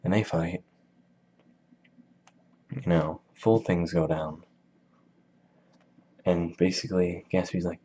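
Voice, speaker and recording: A man's voice: low voice, fairly even intonation, slow pace, pauses often, warm tone, a little hiss or hum. A man giving a casual book summary in a slangy, rambling, jokey way, in a dull lo-fi recording. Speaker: video host.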